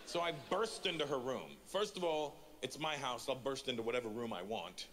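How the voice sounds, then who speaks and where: A man in his forties from Canada works through a stand-up routine, acting out every quote as he tells the story. His voice is bright and forceful, and his pitch leaps around constantly. Faint noise sits behind him. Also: animated, moderate pace. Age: 40s. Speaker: stand-up comedian.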